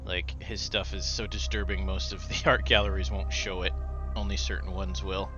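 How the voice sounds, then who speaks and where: A man running a tabletop horror game as game master, narrating with halting fillers, in a lo-fi recording with music behind. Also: low voice, flat delivery. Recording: dull lo-fi recording. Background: background music.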